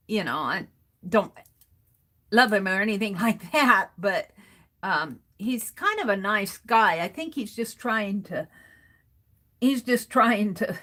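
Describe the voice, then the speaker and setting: Slow-talking bright-voiced woman chuckling often. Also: medium pitch. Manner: rambling, chuckles often between sentences. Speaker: art journaling livestream host. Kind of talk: casual storytelling while crafting.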